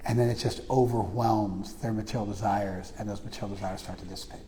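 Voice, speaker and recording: A man's voice: fairly low pitch, quick pace, slight background noise. Man lecturing in a reverberant hall. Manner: animated, swings from quiet to loud, asks "you follow?". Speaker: spiritual teacher. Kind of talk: lecture to a class. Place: class room in a temple.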